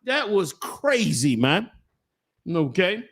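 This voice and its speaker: Husky high-voiced man preaching commentary. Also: big pitch swings, fairly bright tone. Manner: preachy, emphatic, drawn-out stresses. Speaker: host of a live stream. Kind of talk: commentary on a viral video.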